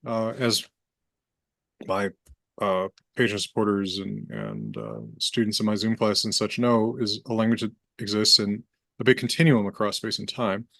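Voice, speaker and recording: Low-voiced man asking questions. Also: expressive, moderate pace, vocal fry, fairly bright tone, no echo. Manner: curious questioner, hesitant restarts. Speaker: host, language teacher. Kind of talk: casual interview chat.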